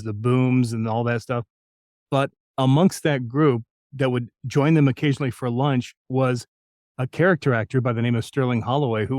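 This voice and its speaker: A man's voice: mid-range voice, darkish tone, dry recording. Older man reminiscing in a dry close mic. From New Mexico, United States. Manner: reminiscing, anecdotal, self-deprecating. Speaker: voice actor guest. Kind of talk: storytelling interview.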